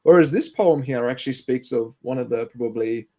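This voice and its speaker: Male co-host, Western Sydney Australian accent, gravelly low-toned voice, loose and rambling. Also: fairly quick, dark tone. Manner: rambling, many fillers and restarts. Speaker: English teacher, podcast co-host. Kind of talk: casual educational podcast chat.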